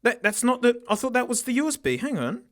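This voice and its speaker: A man with a raspy, hoarse voice, unboxing a gadget in an excitable, mock-dramatic way. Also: very high-pitched, quick pace. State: hoarse from yelling. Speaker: tech reviewer host. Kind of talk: casual gadget unboxing review.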